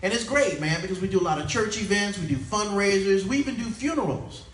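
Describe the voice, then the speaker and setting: Fast, animated and a bit bright, a middle-aged man's high voice powers a clean stand-up routine at a conference with playful crowd interaction and acted-out voices. He sounds far away in the echoey hall, where the audience and slight background noise come through.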